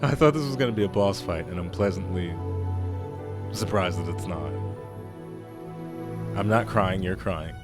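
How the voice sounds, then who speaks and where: A man with a naturally deep voice hosting a gaming channel, giving chatty, rambling commentary as he plays. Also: moderate pace, long pauses, over loud music. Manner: chatty, rambling, self-correcting. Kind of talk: let's play commentary.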